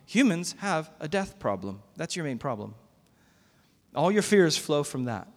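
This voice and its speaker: A man's voice: a little high, sing-song, unhurried. A man preaching a sermon as pastor, conversational and emphatic, recorded in a church sanctuary. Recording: long reverb of a church hall.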